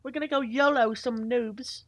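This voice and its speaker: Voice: mid-range voice, fairly even intonation, normal speed, fairly bright tone, no room sound. A young gamer playing with a friend, calling out targets and teasing in put-on British slang. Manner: jokey mock-British slang, bossy callouts. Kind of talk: casual gameplay banter.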